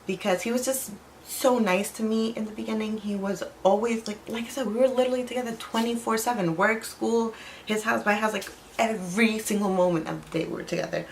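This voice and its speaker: A woman's voice: on the high side, steady tone, a little fast, slight background noise, low-quality recording. A young woman vlogger telling a personal story in casual chat, full of "like" and acted-out quotes. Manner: chatty, fills with "like", acts out quoted lines.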